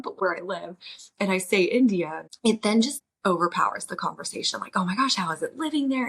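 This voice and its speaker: Husky-voiced woman, reflective. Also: on the low side, a bit bright. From United States. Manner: rambling, reflective, with frequent restarts. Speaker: podcast host. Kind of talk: reflective solo podcast monologue.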